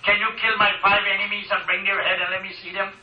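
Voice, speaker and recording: A man's voice: high voice, flat delivery, fast talker, lightly acted. A man preaching, voicing a proud doomed warrior king in a declaiming tone. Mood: defiant. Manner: defiant, declaiming. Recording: echoey hall, distant dull mic.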